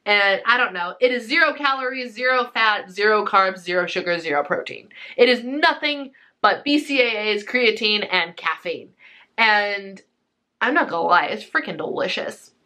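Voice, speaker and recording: A woman's voice: medium pitch, lively intonation, normal speed, sharp tone. A young woman chatting casually in a food vlog, upbeat and rambling, a little out of breath. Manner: chatty and upbeat, lots of fillers. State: slightly out of breath. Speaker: vlogger.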